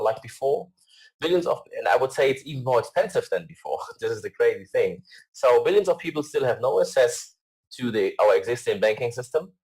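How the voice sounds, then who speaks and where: Hesitant man presenting slides, low voice. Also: low-quality recording. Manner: hesitant, many fillers and restarts. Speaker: company CEO presenting.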